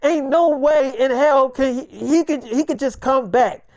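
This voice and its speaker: A woman voicing an earnest young man who calmly backs up his friend's story, swearing as he argues. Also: high voice, a little slow, no room sound, clean studio sound, voice pushed up. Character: calm young man who believes in the monster.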